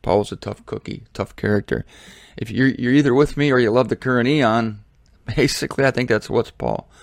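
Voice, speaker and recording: A man gives a casual Bible teaching with animated storytelling and mocking asides. His voice is mid-pitched and the recording is dry and close. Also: a little fast, vocal fry, no room sound. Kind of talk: casual sermon.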